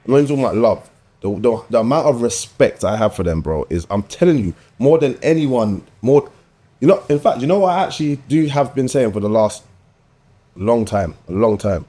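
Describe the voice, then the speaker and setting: A man's voice: medium pitch, expressive, a little fast, dark tone. A man, a podcast guest, talking in an insistent, slangy way. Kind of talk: casual chat.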